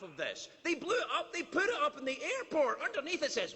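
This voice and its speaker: A man's voice: very high voice, huge pitch swings, fairly quick, vocal fry, sharp tone, slight background noise. A man from Scotland with a Scottish accent, performing a teasing, mock-indignant stand-up monologue as the comedian at a formal dinner. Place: large banquet hall. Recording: long reverb of a large banquet hall.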